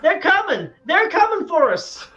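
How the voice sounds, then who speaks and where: A man voicing a male orc who fakes a high, drawling folksy accent in a tabletop game. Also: wildly swooping pitch, a little slow, sharp tone, lo-fi sound, full character voice. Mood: urgent.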